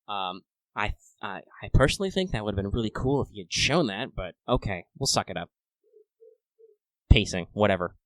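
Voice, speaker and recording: A man co-hosting a casual fan podcast, talking in a chatty, playful, upbeat way with excited asides. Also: lowish voice, fairly quick, no echo. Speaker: podcast co-host.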